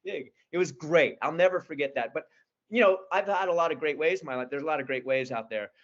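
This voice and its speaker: This time the sixties-aged interviewee rambles through stories with enthusiasm in a casual telling. The voice is fairly high and fast, heard through lo-fi sound.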